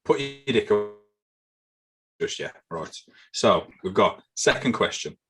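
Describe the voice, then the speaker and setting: Husky-voiced man running a quiz. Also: lowish voice, expressive, measured pace, a bit bright, faint music behind. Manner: swearing, banter-heavy, repeats himself. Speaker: podcast co-host, quizmaster. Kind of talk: casual chat.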